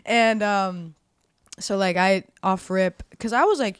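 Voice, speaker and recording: A young woman in her twenties tells her own story as a podcast guest. She swears freely and rambles, filling her talk with "like". Her voice sits at an ordinary pitch and sounds dry and close. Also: a little slow, clear, resonant tone, dry recording. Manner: profane and rambling, heavy use of "like". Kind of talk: candid storytelling.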